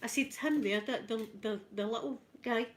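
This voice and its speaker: Middle-aged Scottish woman with a Glasgow accent, chatty vlog storyteller, voice sitting a little high. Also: normal speed. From Scotland. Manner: chatty, frequent "right?" asides, laughing often. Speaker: vlogger. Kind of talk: casual storytelling while ironing.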